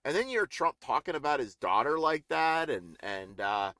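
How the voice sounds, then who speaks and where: A man's voice: fairly high pitch, sing-song, moderate pace, sharp tone, no echo, studio quality. A middle-aged man ranting in a casual political live stream, rambling and indignant with many restarts.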